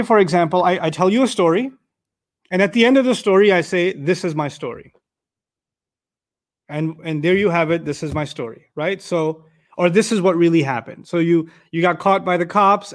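A man with a high-pitched voice teaches a lesson on Quran verses. He explains patiently, poses rhetorical questions, works through everyday examples and breaks into Arabic recitation.

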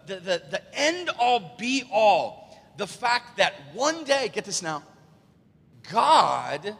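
A male pastor delivers a live sermon in a bright, slightly husky, high-set voice that leaps around in pitch. He asks the congregation rhetorical questions and swings from hushed low lines to loud exclaimed peaks. The church hall leaves a long reverb on his words. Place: large church sanctuary.

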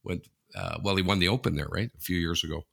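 A man with a very deep voice and a bright, forceful edge co-hosts a sports chat show. He talks bluntly and jokingly, often stumbling over repeated words. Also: fairly even intonation, fast, gravelly, breathy edge. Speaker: podcast co-host.

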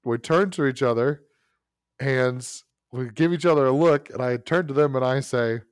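A man with a medium-pitched, clear, resonant voice speaks at normal speed; the studio recording has no room sound. As a podcast host, he tells a long personal story in a relaxed chat, full of asides, restarts, and self-corrections.

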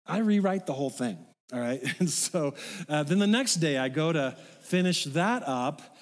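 A middle-aged male pastor delivers his sermon in a relaxed, conversational manner, checking in with the congregation as he goes. His voice sits a little high for a man. The sound carries a long reverb from the church sanctuary. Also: moderate pace. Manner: conversational, folksy, with asides to the congregation.

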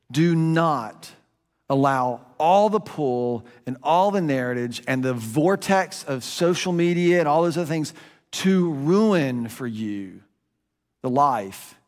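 A man preaching a conversational sermon, his voice rising and dropping for emphasis. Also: medium pitch. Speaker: pastor. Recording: long reverb of a large room.

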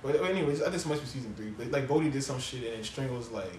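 A man co-hosting a podcast, chatting casually about TV shows in fast slang with lots of swearing. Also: mid-range voice, darkish tone, roomy sound, slight background noise. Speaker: podcast co-host.

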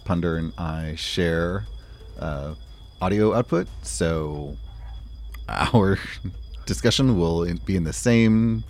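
A man's voice: sits low, takes it slowly, long pauses, a little mellow. A man co-hosting a tabletop game podcast, giving friendly upbeat announcements and chatting casually. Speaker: podcast co-host. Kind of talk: podcast intro and casual chat.

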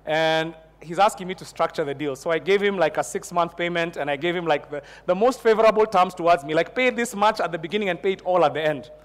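In a large hall, a pastor preaches a sermon to his church congregation, sharing a personal story that builds into fervent prayer. His voice is high, and he talks fast with few pauses.

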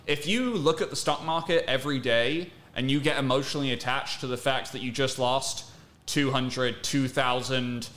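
A man's voice: medium pitch, normal speed, a bit bright, reverberant. A man who works as a fitness coach, guesting on a podcast and explaining with analogies and casual swearing.

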